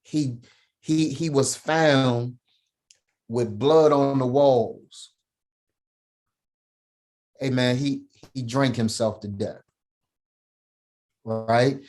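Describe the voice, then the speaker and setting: A man's voice: mid-range voice, fairly even intonation, very slow, long pauses, darkish tone. A middle-aged man telling a personal story as a podcast guest, emphatic, often checking in with "right?" and "man".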